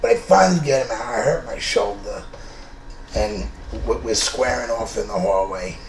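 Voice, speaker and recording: A man's voice: on the low side, moderate pace. A man in his fifties from New York with a New York accent, telling a true story in a blunt, profane, conversational way. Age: 50s. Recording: roomy room with faint noise.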